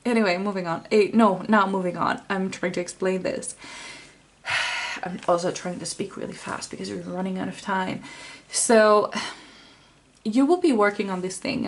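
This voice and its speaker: A woman's voice: medium pitch, a little hiss or hum. Rambling woman giving a tarot reading. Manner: rambling, with many fillers and restarts. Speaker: tarot reader. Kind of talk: casual tarot reading to camera.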